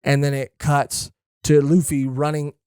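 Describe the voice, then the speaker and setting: A man co-hosting a podcast, chatting casually, excitable and profane, rambling with lots of fillers. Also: a little high, measured pace, clear, resonant tone, no echo, studio quality. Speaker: podcast co-host. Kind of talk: casual chat.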